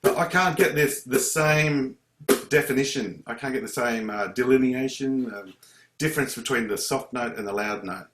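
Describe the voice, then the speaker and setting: A man's voice: mid-range voice, moderate pace, background noise. A man teaching a live ukulele lesson on a video call, chatting, breaking off mid-sentence and counting strums aloud. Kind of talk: live online music lesson. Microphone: computer video call. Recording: echoey room on a video call.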